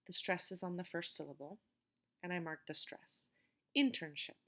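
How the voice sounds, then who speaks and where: A woman teaching an English vocabulary lesson, speaking words slowly and clearly to explain word stress. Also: on the low side, steady tone, bright, forceful tone.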